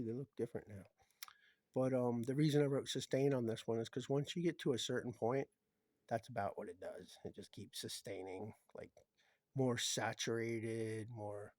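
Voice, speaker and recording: A man talking casually through his homemade guitar pedals in a rambling, meandering way, often trailing off into low murmurs. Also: darkish tone, dry recording. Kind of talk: casual show-and-tell vlog.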